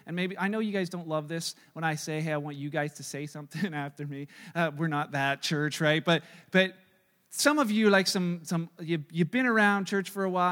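A man in his thirties preaching a sermon as pastor, animated and acting out quoted voices, swinging from loud to soft. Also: high-pitched, in a large hall.

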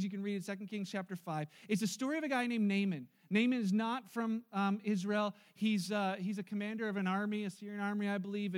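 A man preaching a sermon as pastor, telling a story in an animated way and acting out the voices of its people. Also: high voice. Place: church.

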